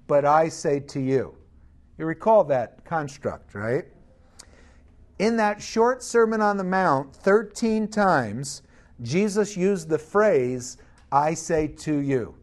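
A man's voice: fairly high pitch, a little mellow. A man preaching a sermon, emphatic, asking the congregation rhetorical questions.

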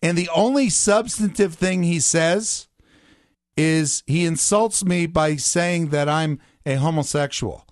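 Brief: keen, opinionated male radio host, slightly high voice, dry studio sound. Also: slow pace, no echo. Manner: enthusiastic, opinionated. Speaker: radio talk show host. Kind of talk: talk radio.

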